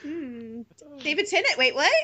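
An animated woman chatting in a lively group call, giggling and mimicking characters as she goes. Her voice is high and bright, leaping widely in pitch. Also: normal speed. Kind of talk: casual group chat over voice call.

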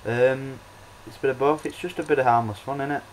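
A young man chats his way through a computer game, hesitant and rambling, stopping for ums and restarts. His voice sits at a middling pitch. Faint keyboard clicks and a light hiss sit behind him. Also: fairly even intonation, fast, rough recording. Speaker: let's play host. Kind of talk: casual gameplay commentary.

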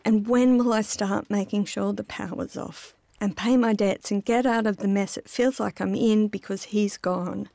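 A woman's voice: mid-range voice, steady tone, moderate pace, gravelly, hardly any pauses, warm tone, no echo. A middle-aged woman narrating her own memoir in a reflective, intimate first-person telling.

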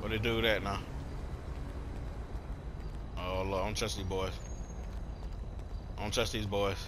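A man's voice: on the low side, little pitch movement, measured pace, slight background noise. A young man giving live gameplay commentary, slangy and trash-talking other players. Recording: loud game sounds under the voice.

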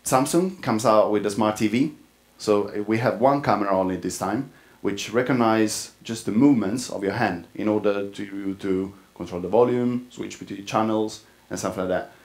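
A man's voice: lowish voice, normal speed, vocal fry. Italian-accented man giving a tech talk. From Italy. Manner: relaxed, informal delivery with frequent fillers. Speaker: conference speaker.

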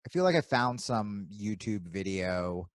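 A man from New Jersey co-hosting a podcast, telling animated stories with plenty of swearing and acting out his own inner voice. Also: fairly low pitch, a little slow, no room sound. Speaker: podcast co-host. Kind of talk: casual chat.

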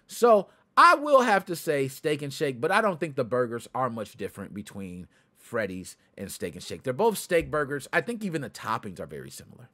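A man's voice: mid-range voice, big pitch swings, brisk, few pauses, pushed and bright. A man hosting a gaming podcast, chatting casually and addressing his viewers directly while answering their comments. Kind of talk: casual livestream chat.

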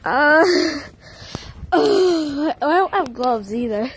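A young woman from Wisconsin, a vlogger rambling casually and excitably while a bit sick, filming on her phone at home and out on the porch. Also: high voice, extremely slow, a little hiss or hum. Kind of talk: casual vlog chat. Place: home, then outdoors on a porch in snow. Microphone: handheld phone.

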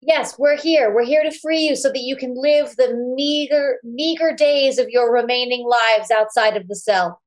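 Brief: woman tabletop player, fairly high voice, playful and quick to react. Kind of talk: casual tabletop play.

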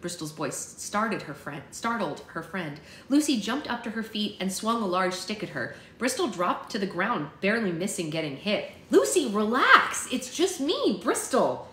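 A woman hosting a book club, reading a children's novel aloud in a steady, plain storytelling manner with small slips. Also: medium pitch, moderate pace, few pauses, roomy sound, slight background noise, poor audio.

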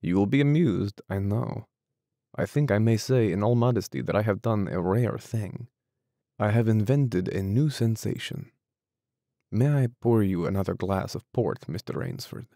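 A suave, menacing aristocratic general, as a male audiobook reader puts him on, speaks with courtly, unhurried menace. The voice sits very deep with a gravelly rasp and a dark, mellow tone, often sinking low and quiet. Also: dry recording, studio quality, lightly acted. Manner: courteous, slow and measured, drops low and quiet. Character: suave, menacing aristocratic hunter general, middle-aged man. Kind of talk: audiobook character reading.

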